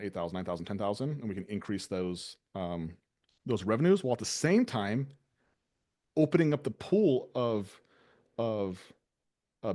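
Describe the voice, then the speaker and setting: A man's voice: on the low side, darkish tone. A man hosting a casual business talk, loose and conversational, with many fillers. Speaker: business owner and show host.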